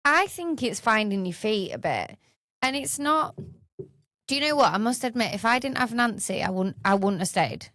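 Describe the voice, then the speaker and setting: A woman's voice: a little high, expressive, normal speed, a bit bright, no echo, clean studio sound. A woman, chatting casually on a podcast, laughing often and swearing freely. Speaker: podcast co-host. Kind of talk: casual chat.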